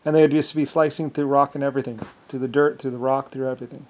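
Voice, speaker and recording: A man telling a rambling, boastful story, halting often with fillers and restarts. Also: medium pitch, flat delivery. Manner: boastful, grandiose. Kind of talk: rambling monologue.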